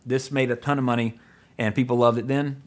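A man's voice: mid-range voice, little pitch movement, brisk. A man hosting a podcast, chatting casually about an old film, rambling with lots of fillers and frequent chuckles. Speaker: podcast host. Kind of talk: casual film-review chat.

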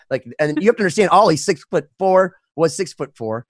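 A middle-aged man co-hosting a podcast, an animated storyteller who swears freely and acts out voices. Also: fairly high pitch, normal speed, hardly any pauses, no echo, clean studio sound. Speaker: podcast co-host, musician. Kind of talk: casual chat.

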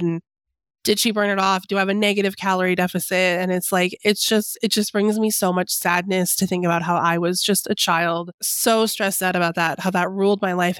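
Tearful woman, smooth clear voice. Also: medium pitch, fairly bright tone, no echo, clean studio sound. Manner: emotional, halting. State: on the verge of tears. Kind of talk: casual chat.

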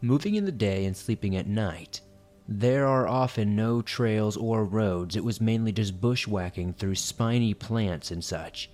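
A man's voice: on the low side, unhurried, darkish tone, soft background music. A man reading listener horror stories aloud in a suspenseful storytelling manner.

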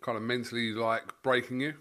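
A man interviewing a boxer, asking gentle questions in a halting way that repeats words. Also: mid-range voice, level tone.

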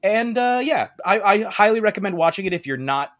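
Man, podcast host, casual chat, animated storytelling, swooping, slightly high pitch. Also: a little fast. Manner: animated storytelling, acting out quotes in high voices.

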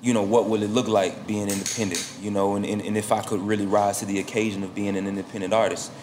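A man with a lowish voice talks through his career in an easygoing, slangy way, circling back with fillers. Faint background noise sits under the recording. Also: little pitch movement, fast talker. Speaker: rapper guest. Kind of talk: casual interview talk.

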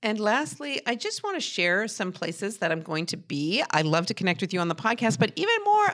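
A middle-aged woman from New Hampshire hosting a podcast, talking casually and warmly with many fillers and restarts. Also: on the low side. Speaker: podcast host.

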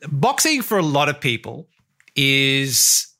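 Bright-voiced male host. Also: mid-range voice, sing-song, takes it slowly. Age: middle-aged. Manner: enthusiastic, builds up questions at length. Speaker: podcast host. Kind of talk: interview conversation.

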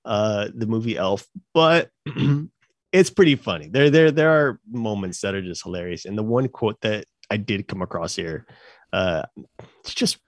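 A man's voice: fairly low pitch, a little slow, no echo. A man co-hosting a casual podcast, rambling through explanations with fillers and laughing easily. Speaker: podcast co-host.

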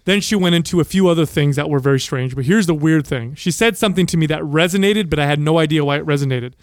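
An animated man spins a story over casual podcast banter, swearing freely as he goes. His voice sits a touch higher than most men's. The sound is dry and close, with no room echo. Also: fast. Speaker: podcast co-host. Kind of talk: casual chat.

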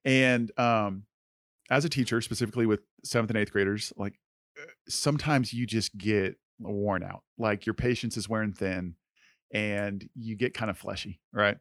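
A man's voice: fairly low pitch, normal speed, fairly bright tone, no room sound, studio quality. A man co-hosting a podcast, telling a personal story in an earnest, conversational way with lots of filler words. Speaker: podcast co-host.

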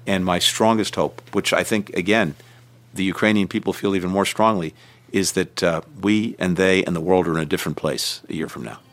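A man, a senior official, giving measured interview answers with emphatic stresses and frequent restarts. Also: deep voice.

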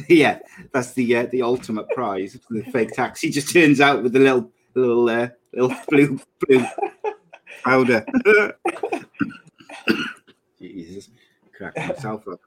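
A man's voice: medium pitch, normal speed, a little hiss or hum. A man in his thirties co-hosting a podcast in casual, joking chat, often laughing at his own jokes. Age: 30s. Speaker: podcast co-host.

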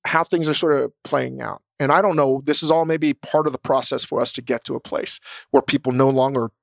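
Gravelly-voiced blunt man chatting. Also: medium pitch, steady tone, a little fast, no room sound, studio quality. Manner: blunt, profane, emphatic. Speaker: podcast co-host, chef. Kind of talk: casual chat.

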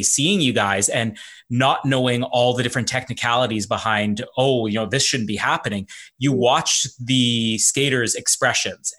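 A man's voice: medium pitch, fairly bright tone. A man hosting an interview, reflecting conversationally on the events with a guest. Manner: conversational, reflective, many fillers. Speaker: host.

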